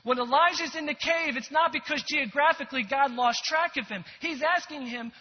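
A man preaching a sermon, earnest and animated, dropping to a whisper for quoted lines. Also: extremely high pitch, normal speed, long reverb tail, highs cut off. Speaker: pastor.

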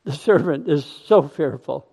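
A male pastor preaching a sermon in a slow, emphatic manner. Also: on the high side, animated, gravelly, dark tone, slightly rough. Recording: long hall reverb.

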